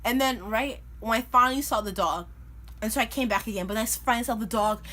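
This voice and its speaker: Young woman, vlogger, bright tone, animated and chatty, casual storytelling. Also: a little high, fast. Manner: animated, chatty, filler-heavy with lots of "like".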